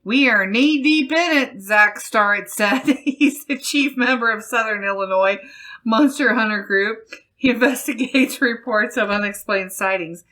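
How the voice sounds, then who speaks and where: A woman podcast host reading a news article aloud in a slow, deliberate way. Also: medium pitch, bright, forceful tone. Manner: slow, deliberate reading with laughs between phrases.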